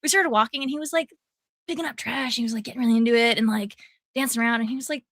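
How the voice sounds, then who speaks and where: A woman co-hosting a casual chat, telling an anecdote in animated bursts and acting out the people she quotes. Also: high voice, very fast, no room sound, clean studio sound. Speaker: podcast co-host.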